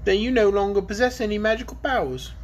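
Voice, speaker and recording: A man voicing a stern, crafty dragon messenger in a storybook, speaking slowly and gruffly. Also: high voice, a little hiss or hum, voice pushed up, lightly acted.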